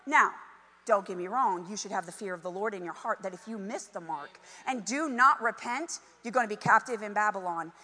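A woman preaching a sermon, animated and emphatic, with conversational asides to the congregation. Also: mid-range voice, brisk, in a large hall. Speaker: pastor.

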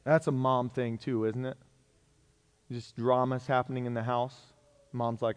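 A man preaching a sermon, reading scripture aloud and then talking to his congregation in an animated way, swinging between loud passages and soft ones. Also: mid-range voice, unhurried, clear, resonant tone. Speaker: pastor.

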